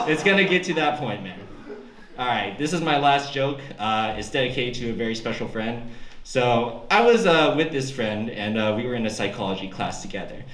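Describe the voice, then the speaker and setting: With a medium-pitched voice, lively intonation, and normal speed, a young stand-up comic rambles loosely through an open mic set on a college club stage, bursting into shrieking character voices. Heavy background noise fills the echoey room, and the audience is loud.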